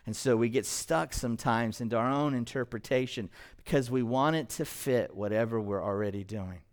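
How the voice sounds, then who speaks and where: Smooth-voiced male pastor preaching. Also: medium pitch, normal speed. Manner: animated, quizzes the congregation with questions. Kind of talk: sermon. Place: church, in front of a congregation.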